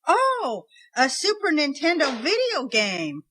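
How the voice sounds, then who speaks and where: A blunt sarcastic sitcom mom. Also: female voice, high-pitched, huge pitch swings, slow, a bit bright, full character voice. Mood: dry. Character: blunt working-class sitcom mother. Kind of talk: sitcom acting.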